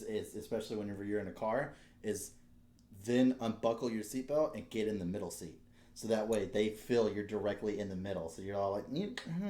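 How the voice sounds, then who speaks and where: A man's voice: fairly low pitch, dark tone. A man co-hosting a casual comedy podcast, joking, swearing and laughing as he acts out little scenes. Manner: laughing, profane, acts out quotes. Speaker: podcast co-host.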